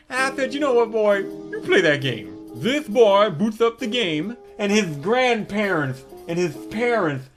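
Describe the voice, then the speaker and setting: A man telling crude comedic stories in an animated monologue, landing punchlines deadpan. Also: high voice. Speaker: comedic storyteller.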